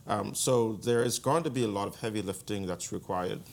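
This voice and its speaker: A man, speaking as a guest commentator in an interview, measured and deliberate with frequent restarts. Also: fairly low pitch, a little mellow. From Bahamas. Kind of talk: interview answer.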